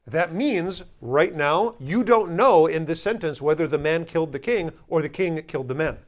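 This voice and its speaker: A man teaching a language class, explaining grammar in a conversational way and slowly repeating example words. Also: on the high side, expressive. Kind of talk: classroom lesson.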